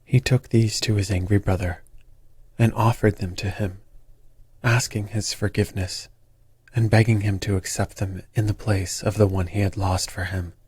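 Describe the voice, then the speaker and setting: A man reads a calm bedtime story in a slow, soothing way. His voice is deep and husky, recorded close in a dry, dead space. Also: no echo. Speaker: sleep story narrator.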